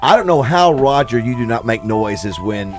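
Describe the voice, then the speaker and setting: A man's voice: mid-range voice, expressive, normal speed, music in the background. Chatty man on morning radio. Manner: rambling, laughing storyteller with fillers. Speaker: radio show co-host. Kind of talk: casual morning radio banter. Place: radio studio.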